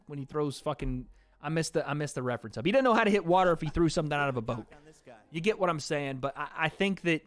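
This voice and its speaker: A man's voice: fairly high pitch, a bit bright. A young man hosting a casual livestream, reading out donations and chatting loosely, laughing often and swearing casually.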